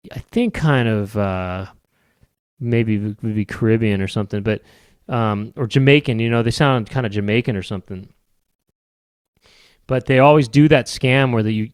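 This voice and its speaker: A man's voice: medium pitch, clean tone, dry recording, studio quality. A man hosting a podcast and talking in a rambling, wry, casual comedic monologue that often trails off. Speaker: podcast host.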